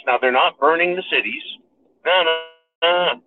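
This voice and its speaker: A man's voice: on the high side, normal speed. A man hosting a show, delivering a sarcastic, ranting political monologue and calling his listeners "folks". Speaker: podcast host. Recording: tinny phone-like sound.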